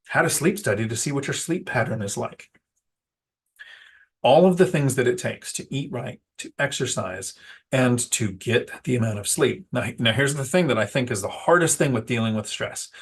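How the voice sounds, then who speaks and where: A man's voice: on the low side, breathy edge. A man talking casually to the camera about landlord life, rambling and poking fun at himself when he loses a word. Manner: rambling and self-deprecating, loses his words. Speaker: real estate investor vlogger. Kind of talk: casual talking-head vlog.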